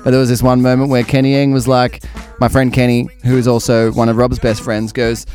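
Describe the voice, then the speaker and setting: A man's voice: medium pitch, little pitch movement, fairly quick, darkish tone. A man hosting a podcast, chatting casually with jokes, asides and lots of ums. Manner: jokey, rambling, full of ums and asides. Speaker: podcast host. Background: faint music, stopping near the end.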